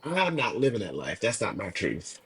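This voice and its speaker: A man's voice: on the low side, moderate pace, breathy edge. A man who is a podcast guest, talking casually. He tells his stories with energy, swears freely, and speaks earnestly about how to live. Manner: animated storyteller, swears freely; earnest, preachy about life. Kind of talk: casual conversation.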